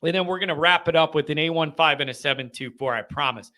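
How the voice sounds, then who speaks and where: A young man hosting a live call-in fan show, ranting and joking in an animated way. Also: on the high side, fast talker.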